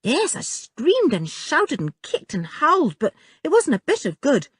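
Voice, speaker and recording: In a studio-quality, echo-free audiobook recording, a woman performs a full character voice pitched above her own, high and swooping wildly. Unhurried, she voices a plucky young boy with a hurt ankle who tells his story earnestly.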